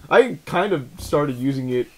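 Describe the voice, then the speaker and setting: A young man co-hosting a casual podcast, joking, cursing and laughing as he talks. His voice sits high and swings widely in pitch. There's a faint hiss under the recording. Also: animated, slow pace. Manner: joking, profane, laughs often. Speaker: podcast co-host. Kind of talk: casual chat.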